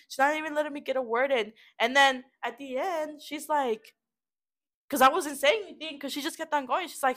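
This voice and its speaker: Young woman cursing up a storm, fairly high voice, chatting with friends in a study room. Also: fairly quick. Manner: profane, animated storytelling. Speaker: podcast co-host. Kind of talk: casual chat.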